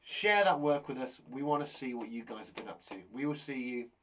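A young man teaching a live online lesson for kids. His voice swoops high and low with bouncy, playful energy, and he banters with a puppet sidekick. A faint hum of noise sits behind him. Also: lively intonation, brisk, fairly bright tone. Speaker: primary school teacher and host.

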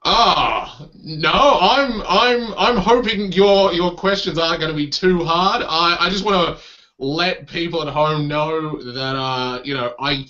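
A man's voice: fairly high pitch, slow pace, sharp tone, muffled recording. A man with an Australian accent, a comedian chatting casually in an interview, self-deprecating and acting out crowd reactions. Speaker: comedian guest.

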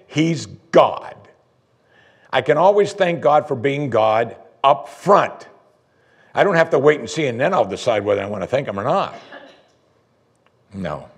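A man preaching a sermon as pastor, conversational, voicing his listeners' doubts in a higher voice. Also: husky. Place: church sanctuary.

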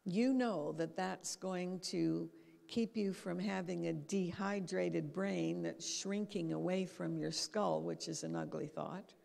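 A woman gives a talk in a church hall, her voice a little gravelly. She tells her stories with life and acts out the quotes, and the sound carries a long reverb from the hall. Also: fairly low pitch, takes it slowly. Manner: lively storytelling, acts out quotes. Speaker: guest speaker. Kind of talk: talk on habits.

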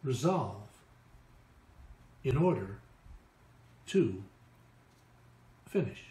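Slow, halting man channeling messages. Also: medium pitch, very animated, dark tone, reverberant. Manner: halting, drawn-out words with long pauses. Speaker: channel for spirit guides.

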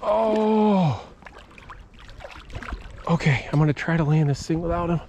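A man vlogs outdoors on a river, his voice sitting a little higher than most men's. He talks in slow, drawn-out bursts of excitement and calls out loudly to a friend downstream. A faint wash of background noise sits behind him. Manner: excitable, exclaiming, calling out to a friend. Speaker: fishing vlogger. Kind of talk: excited outdoor fishing vlog talk. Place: outdoors on a river while fishing.

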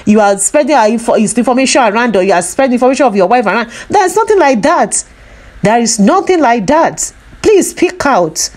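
A woman's voice: sits high, a little mellow. A woman talking to her viewers in an emotional vlog, earnest and pleading, repeating herself often. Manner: emotional, sorrowful. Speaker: vlogger.

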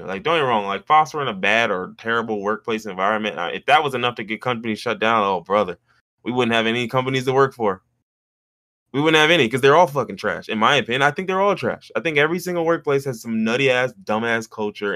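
A man co-hosting a podcast, telling a story in casual chat and jumping into high mimicking voices when he quotes people. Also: sharp tone, no echo, studio quality. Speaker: podcast co-host.

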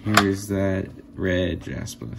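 A man with a low, gravelly voice talks slowly and casually while showing off handmade jewelry. He sounds excited and amazed, often laughing. Clear workshop noise sits behind him throughout. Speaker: jewelry maker.

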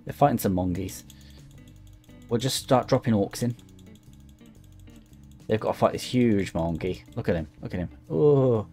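Chatty man with a low, mellow voice. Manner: chatty and rambling, thinks aloud. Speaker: gaming YouTuber. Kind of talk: casual gameplay commentary.

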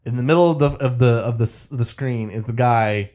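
A man co-hosting a podcast, casually recapping a movie in an animated way and laughing often. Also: medium pitch, fairly quick. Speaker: podcast co-host.

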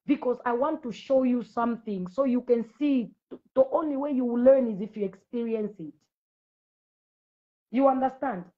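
On a livestream, a woman from Zambia who has school-age children preaches at her viewers, confronting them and repeating herself. Her voice is a little high and her speed normal. It sounds like a phone recording.

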